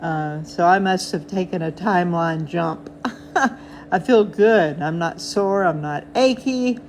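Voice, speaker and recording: A slight background noise sits behind an older woman's fairly low, a little mellow voice as she slowly hosts her chart update show. She's chatty and cheerful going over the charts, with sweet words for her cats.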